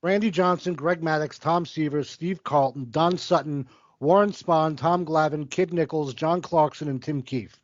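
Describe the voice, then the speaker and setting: A man's voice: on the high side, fairly even intonation, moderate pace. A man in his forties co-hosting a casual sports podcast, cursing freely and rattling off statistics. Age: 40s. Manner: profane, rattles off stats. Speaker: podcast co-host. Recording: dull lo-fi dry recording.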